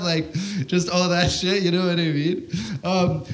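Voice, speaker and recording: A man's voice: high-pitched, fairly even intonation, moderate pace. A young man doing stand-up comedy, telling a story in a brash, profane, slangy way and calling people "bro.". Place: comedy stage before a live audience.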